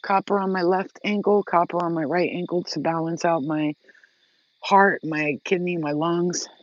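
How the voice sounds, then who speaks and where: A woman's voice: lowish voice, fairly even intonation, moderate pace, no room sound. A woman talking straight to her viewers in a casual vlog, blunt, emphatic and freely profane. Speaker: vlogger. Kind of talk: casual direct-to-camera talk. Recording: dull lo-fi sound.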